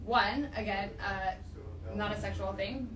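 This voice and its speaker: A woman's voice: medium pitch, fairly even intonation, unhurried, a crowd in the background. A woman in a casual group chat who talks bluntly, swears and explains things firmly. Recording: echoey room, distant mic, people chattering.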